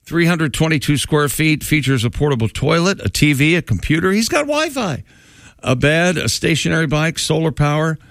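A man reading offbeat news on a comedy talk show, slightly high-voiced and brisk. The sound is dry and close, with no room echo. He keeps slipping into jokes. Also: lively intonation, gravelly, a bit bright. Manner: reads briskly, breaks into laughter, does bits.

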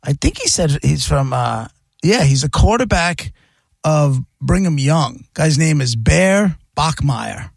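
A man's voice: a little high, very animated, takes it slowly, vocal fry, dry recording. A man hosting a radio show, chatting loosely and telling a story with jokes. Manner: loose, joking, rambling storyteller. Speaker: radio host. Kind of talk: casual sports radio banter.

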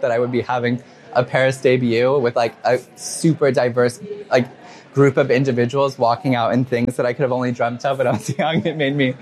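A man in his twenties answering interview questions, talking quickly and emotionally with many fillers and quoted asides. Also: mid-range voice, steady tone. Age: 20s. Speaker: fashion designer, interview guest.

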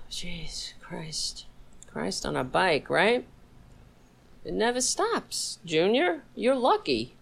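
A woman's voice: fairly low pitch, creaky, poor audio. Sarcastic woman hosting a livestream. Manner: sarcastic, swearing, chatting to her dog between topics. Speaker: livestream host. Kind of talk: casual political commentary livestream.

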